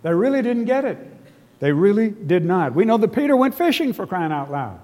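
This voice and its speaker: Brisk and sing-song, a high, warm male voice delivers a sermon that unpacks scripture with earnest emotion and the occasional casual aside to the congregation. A large hall's long reverb surrounds him.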